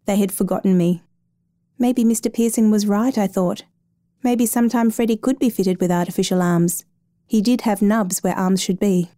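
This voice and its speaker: A woman reading a story aloud, narrating as an adoption caseworker, in a calm, measured way. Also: medium pitch, no echo, studio quality.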